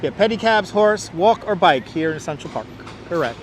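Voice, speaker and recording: A man's voice: high voice, animated, moderate pace, a little hiss or hum. Chatty Brooklyn man touring outdoors. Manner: chatty, talks to viewers while walking. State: out of breath from walking uphill. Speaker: livestream tour guide. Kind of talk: walking livestream tour commentary. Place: outdoors in a city park. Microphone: wireless clip-on mic.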